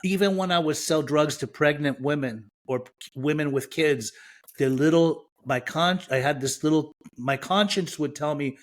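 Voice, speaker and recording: A man's voice: a little high, normal speed. A man from Iran, a podcast guest, frankly and reflectively telling his own recovery story with self-mocking humor.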